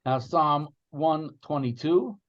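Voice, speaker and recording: A rabbi speaking over a video call to a prayer gathering, earnest and heartfelt, leading the group into reciting psalms. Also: male voice, on the high side, takes it slowly. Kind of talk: addressing an online gathering, then reciting psalms. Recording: muffled video call audio.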